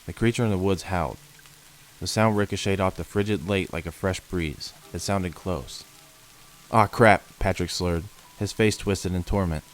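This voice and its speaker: A man reading first-person creature horror stories as scripted narration, in a slow, measured, ominous manner. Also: low voice, steady tone, rough recording. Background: faint rain.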